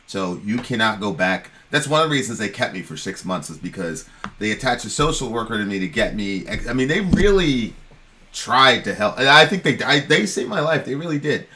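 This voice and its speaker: Male podcast co-host with a bright, forceful voice, telling a rambling story in a casual way. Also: mid-range voice, very animated, a little fast, a little hiss or hum. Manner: rambling, frequent "you know what I'm saying", swears freely.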